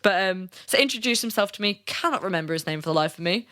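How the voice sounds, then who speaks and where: A woman co-hosting a podcast, telling a story in casual chat, animated, laughing often and swearing freely. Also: medium pitch, fast talker. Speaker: podcast co-host.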